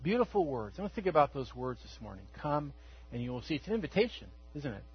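High-voiced, husky male preacher. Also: very animated, quick pace, lo-fi sound. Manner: conversational storytelling, acts out quotes. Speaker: pastor. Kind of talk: sermon.

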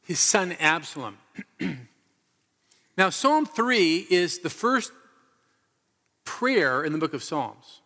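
A man's voice: on the high side, big pitch swings, slow pace, pauses often, sharp tone. A man preaching a sermon as pastor, telling the story with earnest, emphatic repetition. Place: church hall. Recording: reverberant hall.

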